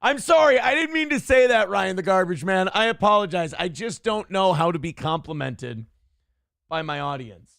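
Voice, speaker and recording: Gravelly sarcastic male talk host. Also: high voice, lively intonation, normal speed, fairly bright tone, no room sound, clean studio sound. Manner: profane, sarcastic, self-mocking. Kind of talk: casual live-stream chat reading viewer comments.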